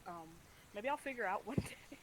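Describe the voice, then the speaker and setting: A woman's voice: mid-range voice, lively intonation, normal speed, fairly bright tone, a little hiss or hum, poor audio. Rambling, playful woman player. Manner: rambling, playful, full of fillers. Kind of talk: casual tabletop play.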